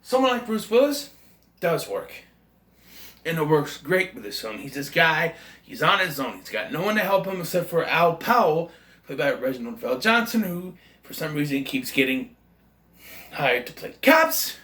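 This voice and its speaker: Man, casual movie review, rambling, enthusiastic, bright slightly high voice, echoey room. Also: big pitch swings, normal speed. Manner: rambling, enthusiastic, self-correcting. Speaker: film reviewer.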